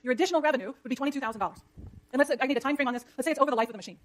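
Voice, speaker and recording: A woman lecturing an economics class, brisk and jokey, scolding the chatter when it gets too loud. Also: high voice.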